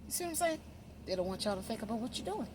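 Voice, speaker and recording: Woman, emphatic preachy monologue, animated pitch, noisy recording with traffic. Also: racing. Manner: preachy, repeats "you see?"; emphatic, swings between loud and hushed. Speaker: social media commentator. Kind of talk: impassioned monologue.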